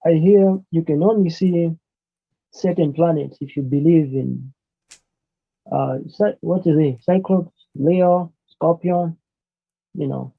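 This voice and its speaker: Debate guest, male, from Tanzania, halting delivery, thin call-line audio. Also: on the high side, vocal fry. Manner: halting, searching for words, teasing. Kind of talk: casual live debate over a call. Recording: tinny phone-like call line.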